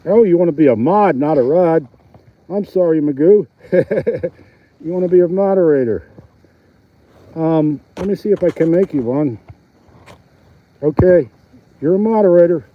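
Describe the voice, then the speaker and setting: Out on a frozen lake in the wind, a middle-aged Philadelphia man livestreams his ice fishing, his voice on the high side and animated at a measured pace with frequent pauses. He chats casually and laughs a lot, captured by a chest-mounted phone whose audio is dull and a bit lo-fi.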